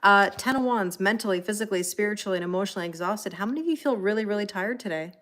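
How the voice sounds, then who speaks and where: A middle-aged woman reading tarot on a livestream, chatting casually, greeting viewers by name and filling pauses with ums and soft laughs. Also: mid-range voice. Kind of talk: live-stream casual chat.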